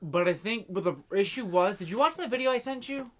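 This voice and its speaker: A young man co-hosting a casual podcast, talking in a halting way with many fillers and restarts. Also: sits high, lively intonation, a bit bright. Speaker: podcast co-host. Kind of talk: casual chat.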